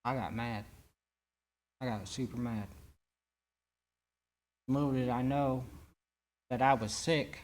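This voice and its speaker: A man giving his personal recovery testimony at a church meeting, speaking in an earnest, halting way with frequent restarts. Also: medium pitch, darkish tone.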